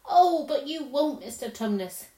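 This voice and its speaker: A brave, earnest little girl speaks up in a high, bright, pleading voice, put on by a woman reading a storybook. The sound carries a roomy echo. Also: normal speed, close to an everyday voice.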